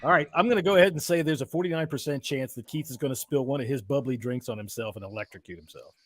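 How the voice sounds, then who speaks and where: A man's voice: medium pitch, fast, background noise. A man hosting a casual podcast on a video call, teasing his guests in an upbeat emcee style. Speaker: podcast host. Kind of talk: casual chat.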